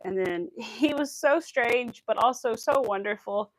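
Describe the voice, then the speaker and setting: A woman's voice: fairly high pitch, measured pace, slight background noise. A young woman hosting a crochet livestream, chatting casually and rambling through stories with quoted asides. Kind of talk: casual chat while crocheting.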